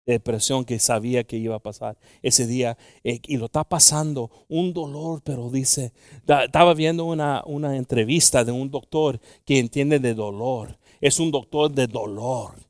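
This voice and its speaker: A male preacher delivering a bilingual sermon, moving from quiet, halting, intimate talk to loud, slow, drawn-out scripture reading. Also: medium pitch, no echo, studio quality. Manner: halting, with frequent fillers and restarts.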